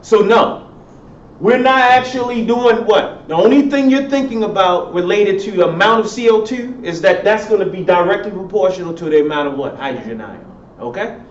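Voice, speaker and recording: Speaking at a normal pace in a high-pitched voice, a male professor gives a classroom lecture, questioning students and supplying the answers himself. The lecture hall is echoey, and the sound is dull with a faint hiss.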